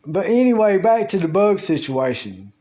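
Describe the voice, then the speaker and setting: A man's voice: high voice, big pitch swings, mellow. A man telling a long, meandering story about his day, casually, at home. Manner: slow, drawling, meandering storytelling with Southern US grammar. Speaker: vlogger. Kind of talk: rambling casual monologue. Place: at home with the door open.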